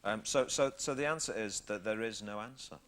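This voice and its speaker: Man, chat show guest, low voice, dry self-mocking anecdotes, noisy old TV recording. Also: a little fast. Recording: noisy 1990s TV studio recording. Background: studio audience laughter.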